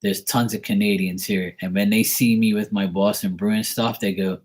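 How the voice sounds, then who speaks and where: A man's voice: lowish voice, steady tone, moderate pace. A man from Bermuda chatting casually on a live stream, rambling and joking as he tells stories. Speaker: live tarot reader chatting with viewers.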